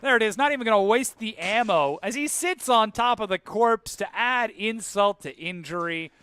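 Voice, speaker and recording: A man giving excitable play-by-play esports commentary, building to hyped calls on big plays. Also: high-pitched, normal speed, clear, resonant tone, no echo, clean studio sound. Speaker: esports caster.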